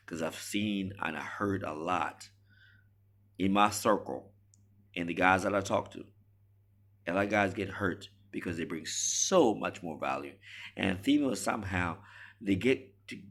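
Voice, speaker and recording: A man's voice: deep voice, fairly bright tone. A man delivering a preachy, emphatic monologue to camera as a relationship commentator.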